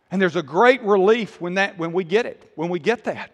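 A man's voice: high voice, lively intonation, moderate pace, hardly any pauses, a bit bright, big-room sound. A man preaching a sermon as a pastor, earnest and emphatic, often repeating phrases and restarting his sentences.

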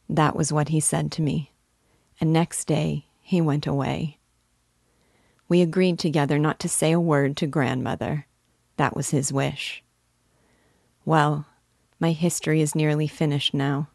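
A woman giving an unhurried literary reading of a novel. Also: low voice, steady tone, vocal fry, darkish tone, dry recording, clean studio sound. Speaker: reader.

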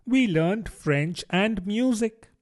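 A man's voice: sits high, animated, takes it slowly, pitched above the performer's own voice. Alice, a prim girl, as a man puts her on. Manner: prim, politely doubtful. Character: polite curious young girl Alice.

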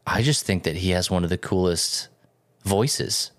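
Animated male podcast co-host, dry sound. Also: low voice, no echo. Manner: animated, jokey, quick asides. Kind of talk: casual podcast chat.

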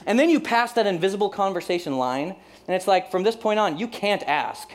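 A man's voice: sits high, expressive, fast. A man in his forties preaching a sermon as a pastor, conversational and humorous, acting out little everyday scenes.

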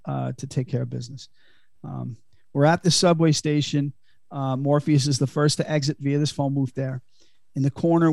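A man recapping a film in a casual podcast chat, with a chatty, laughing manner and lots of fillers. His voice sits fairly high. The recording is dry and close. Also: gravelly, a little mellow, no echo. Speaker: podcast host.

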